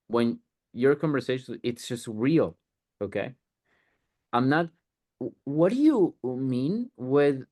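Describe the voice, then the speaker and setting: A man with a medium-pitched, darkish voice coaches a group on a sales call, speaking bluntly, swearing freely and acting out mock sales lines.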